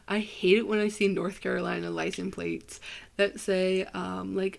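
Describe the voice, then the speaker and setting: Sleepy, gravelly young woman rambling. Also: on the low side, expressive, moderate pace. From Ohio. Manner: rambling and self-deprecating, many fillers. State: sleepy and tired. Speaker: podcast host. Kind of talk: casual solo podcast chat.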